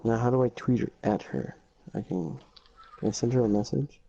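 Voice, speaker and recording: A man's voice: medium pitch, normal speed, vocal fry, warm tone, slight background noise. A young man livestreaming a game with friends, talking casually in a crude, joking way. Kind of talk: casual gaming livestream chat. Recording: dull lo-fi audio.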